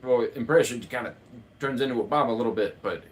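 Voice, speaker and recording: An American man with a medium-pitched voice talks quickly while running the chat on a live cooking stream. He rambles, cracks jokes and laughs often in this casual livestream banter.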